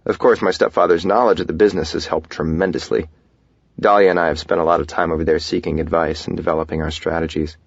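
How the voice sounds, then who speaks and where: A man reads a first-person romance audiobook in a soft, intimate, reflective tone. His voice is very deep and gravelly with a husky grain. The sound is dry and a little dull and lo-fi. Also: level tone, quick pace, no echo. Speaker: audiobook narrator.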